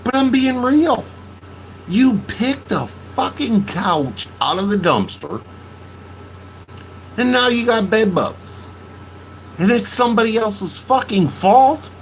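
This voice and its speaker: A man with a high, sing-song voice tells a story slowly, with long pauses, in a casual podcast monologue. As host, he's profane and laughing while venting his emotions, and the audio is poor, with slight background noise.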